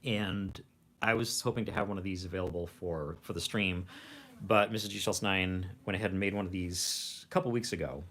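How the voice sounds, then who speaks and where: A man's voice: sits low, steady tone, fairly quick, a bit bright, slight background noise. A man hosting a casual livestream from home, rambling along with frequent restarts. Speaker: host of a food review channel.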